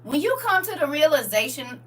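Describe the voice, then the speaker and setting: Lively, bright-voiced woman talking faith. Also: high voice, fairly quick, recorded from a distance. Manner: animated, laughing often, reading comments aloud. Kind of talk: casual faith talk to viewers.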